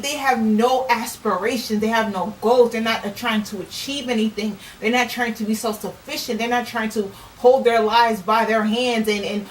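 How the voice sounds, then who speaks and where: A woman vlogger speaking in an earnest, rambling way, giving casual on-camera commentary. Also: on the high side. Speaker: author and vlogger. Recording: echoey room, distant mic, faint noise.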